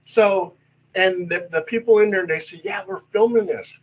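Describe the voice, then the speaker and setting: A male paranormal investigator telling stories in casual chat, animated and acting out the voices in them. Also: sits high, normal speed, highs cut off. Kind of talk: casual storytelling.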